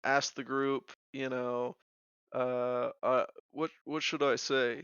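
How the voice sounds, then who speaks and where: Man player, hesitant, smooth voice, slightly muffled, dry. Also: mid-range voice, flat delivery, takes it slowly, fairly bright tone, dry recording. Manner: hesitant, lots of fillers. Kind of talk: casual tabletop game chat.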